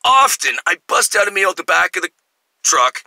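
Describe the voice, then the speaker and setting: Bright-voiced rambling middle-aged man. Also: sits high, normal speed, gravelly, no room sound, low-quality recording. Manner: animated, jumps between tangents, acts out quotes. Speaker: vlogger. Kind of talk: rambling personal storytelling monologue.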